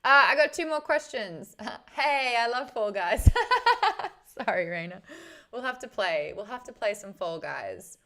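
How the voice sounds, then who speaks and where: A woman's voice: fairly high pitch, expressive, measured pace, pushed and bright, a little hiss or hum. A young adult woman, chatting casually with viewers on a live stream, greeting the chat and laughing often.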